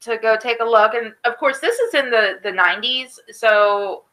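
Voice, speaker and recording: A woman in her thirties telling a personal story on a casual podcast, lively and full of voiced quotes. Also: a little high, moderate pace, poor audio. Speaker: podcast co-host.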